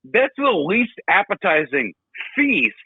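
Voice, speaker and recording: A young man with a high, husky voice swings his pitch wildly as he tears into a film on a casual podcast. He swears freely and mimics the people he mocks. The recording is dry and a bit muffled. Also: slow pace, no echo. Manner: profane, animated storytelling with mocking impressions. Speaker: podcast co-host. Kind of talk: casual podcast movie rant.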